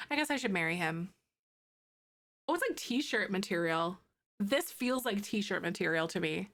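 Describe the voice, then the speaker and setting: A woman chatting casually on a live stream, excitable and talkative, a self-described loudmouth. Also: mid-range voice, moderate pace.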